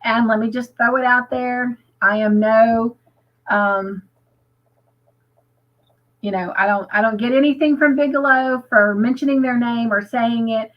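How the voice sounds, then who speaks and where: A woman's voice: fairly high pitch, fairly even intonation, a little slow, highs cut off. An American woman hosting a casual livestream chat, upbeat and chatty, reading viewer comments aloud. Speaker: livestream host.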